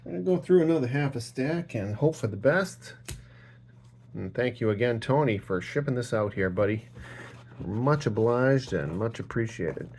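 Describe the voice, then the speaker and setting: A man's voice: mid-range voice, lively intonation, moderate pace, darkish tone, slight background noise. A man chatting casually while sorting trading cards, rambling with jokes and profane rants. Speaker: card-opening channel host.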